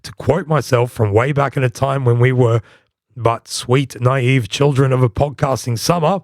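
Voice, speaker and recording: Man, podcast host, scripted history narration, wry and playful, mid-pitched voice, dry close sound. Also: steady tone, moderate pace, no room sound.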